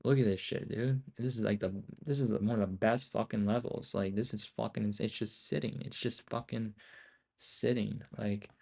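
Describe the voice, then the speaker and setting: A young man with a somewhat low voice talks through a live trading session. He speaks in loose, profane, excitable bursts and mutters to himself between thoughts. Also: moderate pace, gravelly. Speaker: day trader streaming live.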